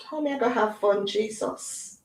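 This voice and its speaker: A middle-aged woman chatting casually on her livestream, animated and drifting into patois. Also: a little high, normal speed, creaky. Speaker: livestream host. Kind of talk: casual chat. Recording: echoey room.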